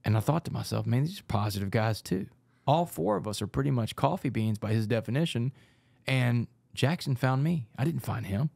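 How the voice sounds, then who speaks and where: A man, a podcast guest, telling his story in an intense, rapid way. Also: medium pitch, animated, darkish tone, dry recording. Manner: fast, intense storytelling with gravelly voice.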